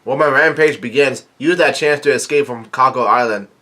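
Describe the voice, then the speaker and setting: A man's voice: medium pitch, moderate pace, sharp tone, close to an everyday voice. A man reading out a brooding beast-man pirate. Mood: grim.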